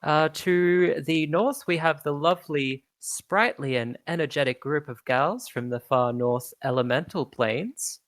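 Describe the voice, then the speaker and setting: A woman voicing a pompous male tournament announcer who tries to calm a rowdy crowd. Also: deep voice, measured pace, few pauses, dry recording. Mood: grandiose. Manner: fussy, placating, announcer's flourish.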